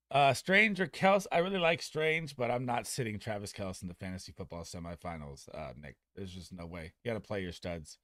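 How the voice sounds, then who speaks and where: A young man streaming fantasy football advice in a casual, excitable, profane manner. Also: on the low side, no room sound, clean studio sound. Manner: excitable, profane, talks fast and loose. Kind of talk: casual livestream chat.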